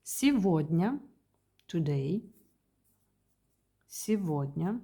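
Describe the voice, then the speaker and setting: A woman with a Russian accent teaching a beginner language lesson, repeating each word slowly and carefully. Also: lowish voice, lively intonation, warm tone, slightly rough.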